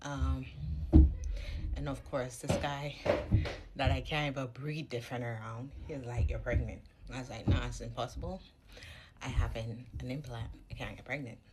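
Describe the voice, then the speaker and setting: A woman's voice: rumbling low, fairly even intonation, normal speed, very noisy. A woman in her thirties telling a candid, reflective personal story in a casual vlog at home. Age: 30s. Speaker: vlogger.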